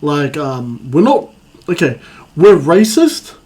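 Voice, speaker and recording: A man's voice: a little high, sing-song, takes it slowly, a little mellow. An Australian man co-hosting a podcast, talking casually in a rambling way with many hesitations. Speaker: podcast co-host. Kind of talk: casual chat.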